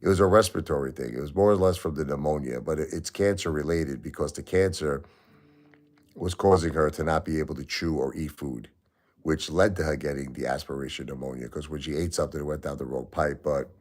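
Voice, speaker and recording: A man hosting a livestream, grieving and halting as he talks, often repeating himself. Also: very deep voice, a little mellow. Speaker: livestream host. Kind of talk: emotional livestream talk.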